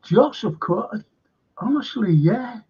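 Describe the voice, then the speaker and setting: Husky, high-pitched Liverpool man, slow. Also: expressive, darkish tone. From Liverpool, England. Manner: rambling, chatty, swears freely. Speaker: historian hosting a livestream. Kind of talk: casual livestream chat reading viewer comments. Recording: dull lo-fi stream audio.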